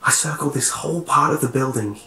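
A man voicing a bold teenage boy, speaking in a hushed, urgent way. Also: medium pitch, a little fast, roomy sound, faint music behind, pitched above the performer's own voice. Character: bold teenage boy sneaking through a school.

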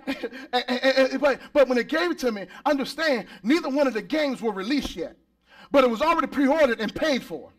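A man preaching a lively sermon as pastor at a church service, rising to shouts and calling out for responses from the congregation. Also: very high voice, moderate pace, long pauses.

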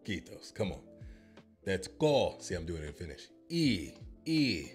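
Jokey swearing man, animated low voice. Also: moderate pace, faint music behind. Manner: jokey, swears, bursts into mock announcer voice. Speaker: YouTuber reacting to a language app. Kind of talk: comedic reaction vlog.

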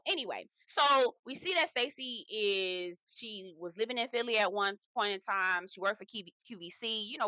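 Woman recap host, sassy gossip delivery, slightly high bright voice, dry close sound. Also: no echo. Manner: sassy, profane, chatty with lots of "girl" asides. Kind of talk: casual gossipy commentary.

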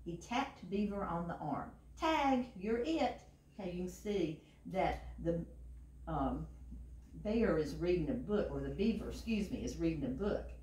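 A woman librarian reading a picture book aloud to children, animated and asking them questions. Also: fairly low pitch, normal speed. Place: library room. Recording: roomy and distant from the mic.

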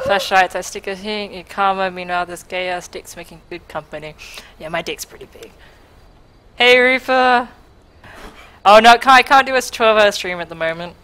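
A young woman, chatting casually on a live stream while gaming. She is excitable, laughs a lot and swears freely. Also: mid-range voice, heavy background noise. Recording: game music playing loudly behind. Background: game music.

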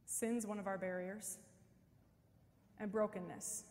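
A woman's voice: a little high, normal speed, a little hiss or hum. Chatty woman in a reverberant church. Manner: chatty storytelling with frequent "like" fillers. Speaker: parish mission speaker. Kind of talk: conversational church talk. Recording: long reverb of a large church.

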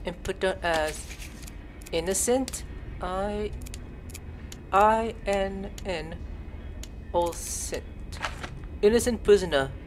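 A man's voice: high-pitched, takes it slowly, long pauses, slight background noise. A man giving casual let's-play commentary, reading on-screen text aloud, spelling out words letter by letter, and swearing when surprised. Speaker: gameplay streamer. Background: game music.

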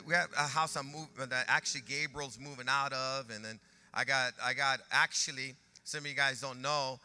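A man who is a pastor, preaching a sermon in an animated way that rises to shouts. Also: mid-range voice, clean tone, in a large hall.

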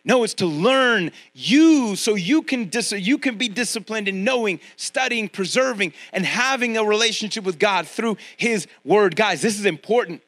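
A man's voice: high voice, moderate pace, hardly any pauses. A middle-aged man preaching a sermon as pastor, talking straight to his congregation and acting out voices as he goes. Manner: conversational preaching, addresses congregation directly; animated, acts out quoted voices.

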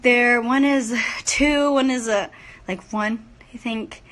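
A woman's voice: fairly high pitch, slow pace, a bit bright. A young woman from San Antonio chatting casually on a late-night phone livestream, gushing and laughing easily. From San Antonio, Texas. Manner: bubbly and gushing, laughs often. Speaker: singer talking to fans on a phone livestream. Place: her room at night. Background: music playing in the background.

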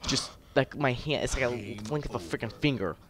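A man's voice: medium pitch, expressive, a little fast, crowd noise. A teenage boy rambling in casual gameplay commentary, full of fillers and frustrated ranting. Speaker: gaming YouTuber.

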